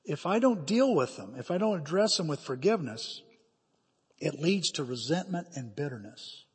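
A man's voice: fairly high pitch, sing-song, moderate pace, breathy edge. A middle-aged man preaching a sermon as a pastor, telling personal stories with emphatic, dramatic quoted asides. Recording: hall reverb.

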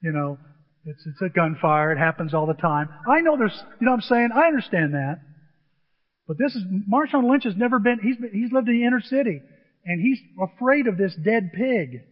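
Animated, lively man telling a funny story. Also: high voice, a little fast. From grew up on a farm. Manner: animated, chatty, repeats himself. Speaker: storyteller speaking to an audience. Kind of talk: humorous storytelling talk. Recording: dull, with long hall reverb.

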